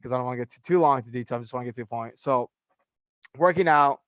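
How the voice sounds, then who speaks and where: Profane, animated young man. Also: mid-range voice, rapid-fire, no room sound. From California. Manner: animated storyteller, profane, many fillers. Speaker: personal trainer. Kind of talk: casual podcast chat.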